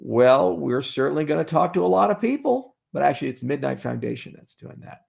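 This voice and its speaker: Joking, sarcastic man hosting a livestream Q&A, reads out questions. Voice very gravelly and husky. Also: fairly high pitch, animated, brisk, a little mellow. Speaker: livestream host answering viewer questions. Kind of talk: casual livestream Q&A.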